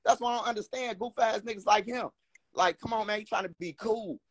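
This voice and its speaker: A man's voice: sits high, fairly quick, husky, no echo. A man with a Chicago accent hosting a heated livestream argument, talking brash trash and repeating himself. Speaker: host.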